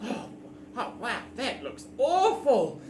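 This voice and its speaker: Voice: mid-range voice, wildly swooping pitch, takes it slowly, a little mellow, pitched above the performer's own voice. A New Zealander putting on a breezy goblin woman, echoey. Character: scatty female goblin hoarder. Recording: echoey room with background noise.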